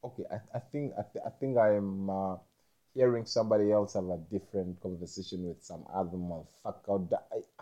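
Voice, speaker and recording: Rambling man with a mellow voice. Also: low voice, fairly even intonation. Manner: halting, repeats words, swears often. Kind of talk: rambling spoken monologue.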